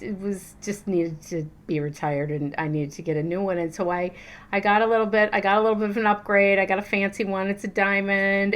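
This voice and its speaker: Woman, middle-aged, spiritual coach, casual teaching talk, chatty, animated, lots of fillers. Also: mid-range voice.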